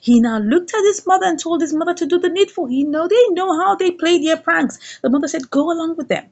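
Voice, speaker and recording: A woman casually recapping a comedy series episode, storytelling in an animated way. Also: very high-pitched, brisk. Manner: animated storytelling, acts out dialogue. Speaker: series reviewer.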